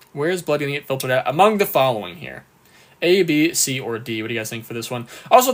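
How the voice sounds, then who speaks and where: This man has a high-pitched, fairly bright voice. Teaching exam prep on a live stream, he stays upbeat, reads each question slowly in turn, thanks viewers frequently and cheerfully, and gets hit by a bout of hiccups.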